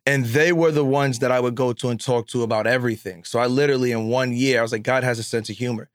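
A man's voice: medium pitch, fairly even intonation, quick pace, no echo. Guy hosting an interview, talks openly about his own life, dry close sound. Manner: open and personal, shares his own loss. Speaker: interview host. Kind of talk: casual interview chat.

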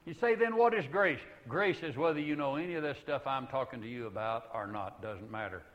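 An older man preaching a sermon in an earnest way, rising to loud emphatic peaks and then dropping to hushed, low passages. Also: a little fast, dull audio.

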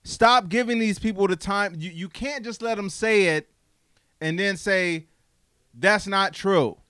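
A man's voice: high voice, unhurried, sharp tone, smooth, no echo, studio quality. A man co-hosting a casual political chat, heated, blunt and swearing freely.

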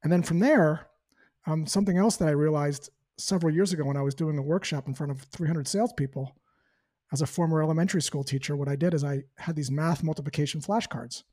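Animated man coaching on sales calls. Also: a little high, fast talker. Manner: animated, acts out sample phone dialogue. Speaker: sales trainer. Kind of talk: conversational sales coaching talk.

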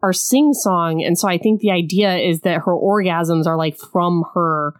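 A woman co-hosting a casual chat about a book, adding wry, deadpan comments. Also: on the low side, unhurried, no room sound, clean studio sound.

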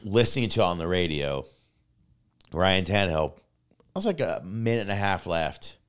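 A man with a deep, low voice co-hosts a laid-back podcast. He rambles through stories with loose filler words and frequent swearing, his excitement building as he goes. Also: normal speed, clean tone. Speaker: podcast co-host. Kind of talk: casual chat.

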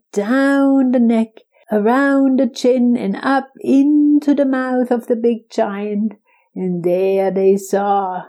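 A woman telling a bedtime story, gently and unhurried, with playful character voices. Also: on the high side.

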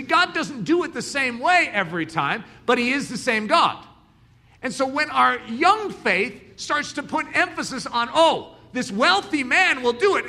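Bright, lively male preacher. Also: very high voice. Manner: animated storytelling, acts out dialogue. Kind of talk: sermon.

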